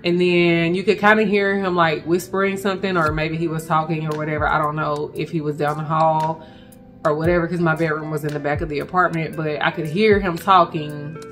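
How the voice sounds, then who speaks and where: A woman recounting a frightening personal experience to her viewers, speaking in halting bursts and addressing them directly. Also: low-pitched, fairly even intonation, over music. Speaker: vlogger telling a personal story. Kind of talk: emotional personal storytelling.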